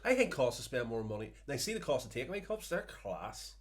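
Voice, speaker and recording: A man's voice: medium pitch, very animated, a little fast, slightly rough. A man co-hosting a podcast, explaining things at length in casual chat. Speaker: podcast co-host.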